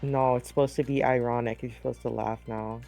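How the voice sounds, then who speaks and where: A man's voice: medium pitch, steady tone, a little fast, gravelly, darkish tone. A man co-commentating an esports stream, rambling and joking, over background music. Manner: rambling, jokey, riffing.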